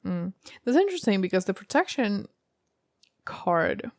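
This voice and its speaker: A woman's voice: medium pitch, very animated, unhurried, no echo. A woman giving a casual tarot reading to camera, rambling and thinking aloud with many fillers. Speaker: tarot reader.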